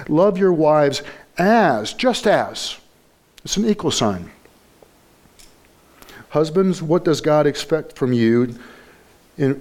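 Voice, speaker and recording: A male pastor delivering a sermon in a somewhat high voice. He preaches emphatically, repeats key phrases and builds to stronger peaks.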